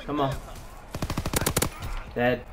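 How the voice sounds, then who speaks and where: A man hosting his gaming channel, commenting live on his shooter match in an excitable, slangy way. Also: mid-range voice, drawn-out words, very noisy. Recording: game gunfire behind voice. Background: gunfire and game sounds.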